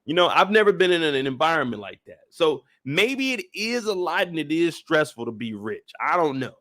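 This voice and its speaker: A man's voice: fairly high pitch, sing-song, fairly quick, fairly bright tone. A young man casually recapping a TV episode in laid-back, slangy talk, laughing easily. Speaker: show recap YouTuber.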